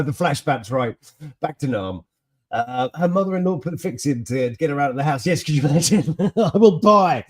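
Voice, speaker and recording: A man hosting a casual, jokey news chat with laughing asides and a husky voice. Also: on the high side, darkish tone. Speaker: host.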